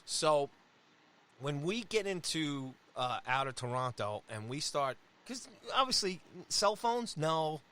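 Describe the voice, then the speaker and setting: A man, co-hosting a sports podcast and telling a road-trip story in a casual, animated way. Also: fairly high pitch, takes it slowly, clean tone. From Long Island, New York. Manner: animated, acts out quoted voices. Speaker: podcast co-host.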